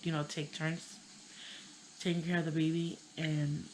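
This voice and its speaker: A young woman with a Chicano English accent, telling a personal story in a casual, halting way, full of "like" and "you know". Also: low voice, level tone, a little mellow, a little hiss or hum, low-quality recording. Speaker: vlogger.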